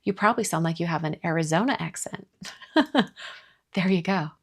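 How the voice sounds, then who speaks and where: A woman's voice: lowish voice, moderate pace. Chatty woman hosting a craft stream. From American South. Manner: chatty, reads viewer comments aloud and answers them. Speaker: card-making live stream host. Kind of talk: casual live-stream chat.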